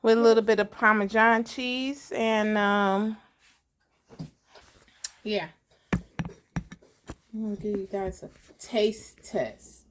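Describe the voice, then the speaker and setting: Lady chatting slow and easy on her cooking vlog, lots of ums, faint hiss behind. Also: medium pitch, fairly even intonation. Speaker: cooking vlogger. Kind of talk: casual home cooking vlog.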